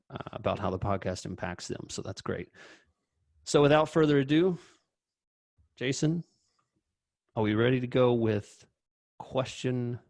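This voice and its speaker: Low-voiced upbeat man hosting a podcast. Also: a little mellow, no room sound, clean studio sound. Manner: upbeat, chatty, hesitant restarts. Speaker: podcast co-host. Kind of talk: casual podcast chat with ad reads.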